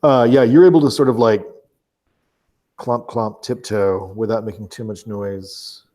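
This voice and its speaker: Guy running a tabletop game, low mellow voice, lots of ums and restarts. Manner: halting, with many fillers and restarts. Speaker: game master.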